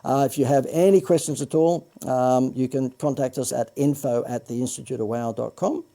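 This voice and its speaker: An Australian man hosts a livestream sales pitch for a marketing course. His voice is very dark and gravelly, and he talks in a chatty, loose way, full of "uh"s, quick corrections and jokes at his own expense. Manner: chatty, joking asides, frequent "uh" and self-corrections. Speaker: marketing coach hosting a livestream. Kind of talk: Facebook Live sales pitch.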